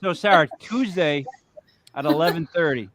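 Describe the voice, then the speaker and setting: A man hosting a casual group chat, loud and joking, often repeating himself. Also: a little high, normal speed, a crowd in the background. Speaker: show host.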